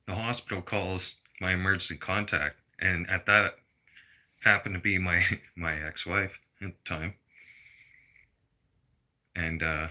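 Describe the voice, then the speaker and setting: A man's voice: sits low, bright, forceful tone. A middle-aged man delivering a blunt, profane personal rant to his viewers. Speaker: vlogger.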